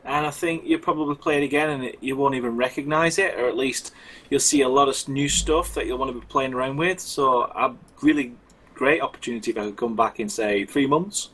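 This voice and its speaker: A man's voice: mid-range voice, a little fast, fairly bright tone, husky. A man from England with a Wigan accent, a friendly developer guest who laughs easily. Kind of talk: casual chat.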